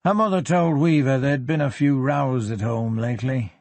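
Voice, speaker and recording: Man doing a gruff Yorkshire police chief. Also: mid-range voice, a little mellow, no echo, lightly acted. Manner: blunt, unhurried, plain-spoken. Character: gruff older male Yorkshire police superintendent.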